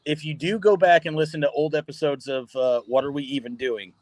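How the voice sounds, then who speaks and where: Animated man telling a story with a raised voice. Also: a little high, a little fast, dry recording. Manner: animated, laughing, swearing freely. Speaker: podcast guest, pro wrestler. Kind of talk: casual storytelling. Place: podcast studio.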